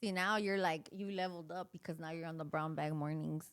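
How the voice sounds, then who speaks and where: A woman hosting a podcast in casual chat, laughing along and asking relaxed questions. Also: deep voice, a little fast, clean tone. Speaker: podcast host.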